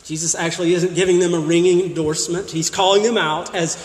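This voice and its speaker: A man's voice: fairly high pitch, steady tone, fairly quick. A male pastor preaching a sermon, pressing his listeners with repeated rhetorical questions. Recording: echoey hall with long reverb.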